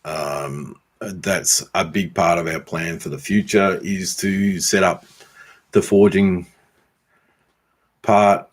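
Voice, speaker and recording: A man with an Australian accent reads out and answers viewer comments in a relaxed, unhurried way. His voice sits low, and he fills his pauses with ums and teases people by name. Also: slightly rough. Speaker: YouTube homesteader and blacksmith answering viewer comments. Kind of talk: casual livestream chat.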